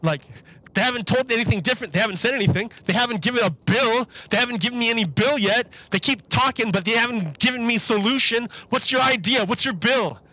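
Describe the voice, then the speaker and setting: A man's voice: very high voice, quick pace, pushed and bright, muffled recording. A man live-streaming commentary on a political interview, exasperated and repeating his questions over the clip.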